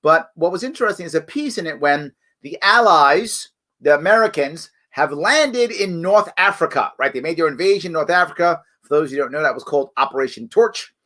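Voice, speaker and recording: A middle-aged man hosts a live online show. His voice is bright and sits high. He talks conversationally, with emphatic asides and frequent "right?"s. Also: animated, a little fast. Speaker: show host.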